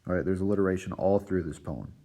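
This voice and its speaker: A man's voice: low voice, fast, dark tone. A man teaching a recorded literature lesson to his students, checking in with "right?" and "all right" after nearly every point.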